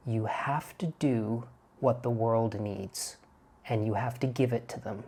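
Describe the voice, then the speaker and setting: A deep-voiced old woman with an old-fashioned transatlantic accent, voiced by a man in a whispered role-play. She speaks slowly and intently in a hushed, breathy voice. Every word carries quiet conviction. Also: fairly even intonation. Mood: earnest urging. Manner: slow, intense, full of conviction.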